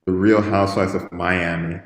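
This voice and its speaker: Man, co-host, casual chat, skeptical, very deep voice, long room echo. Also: little pitch movement, normal speed.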